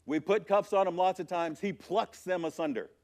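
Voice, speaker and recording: A man's voice: high voice, normal speed, a little mellow, pitched above the performer's own voice, close to an everyday voice. A man voicing a weary small-town police officer with a resigned, offhand manner.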